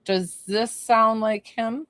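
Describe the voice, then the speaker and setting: A woman's voice: a little high, steady tone, slow, fairly bright tone, no echo. A woman working as a psychic medium, giving an informal one-on-one reading and thinking aloud with lots of fillers. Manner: bursts into laughter.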